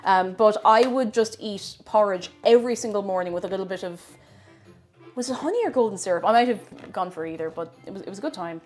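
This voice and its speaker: A young Irish woman chats casually on a cooking live stream from her home kitchen, reading viewer comments aloud and adding playful asides. Her voice is medium-pitched and darkish in tone, and she talks fast, with faint music in the background.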